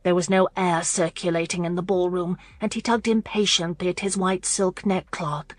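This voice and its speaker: A woman narrating a historical romance audiobook in a measured, even storytelling manner. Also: lowish voice, no echo, soft background music.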